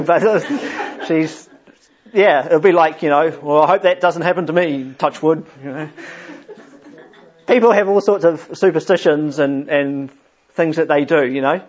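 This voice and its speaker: A man's voice: on the high side, darkish tone, lo-fi sound. Chuckling man leading a casual Bible talk. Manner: chatty, chuckles often, friendly asides. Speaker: Bible study leader. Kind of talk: informal Bible talk to a group.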